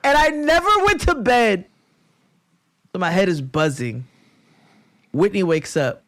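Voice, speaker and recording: A woman co-hosting a podcast, spinning a long story in loose, animated chat. She laughs through her lines and swears freely. Her voice sits close and dry on the mic, with no room sound. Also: medium pitch, unhurried, no echo. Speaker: podcast co-host.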